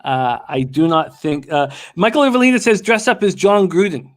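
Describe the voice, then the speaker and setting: A man's voice: sits high, very animated, moderate pace. A man hosting a sports betting show, brash and joking in casual chat, swearing freely.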